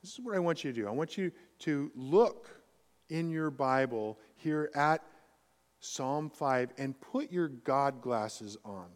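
A man preaching a sermon as pastor, emphatic, swinging between quiet and loud passages. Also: mid-range voice, animated, takes it slowly, big-room sound.

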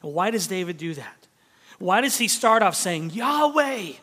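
A man preaching a sermon as pastor, shifting between emphatic declarations and hushed near-whispers. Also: high voice, normal speed. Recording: long hall reverb.

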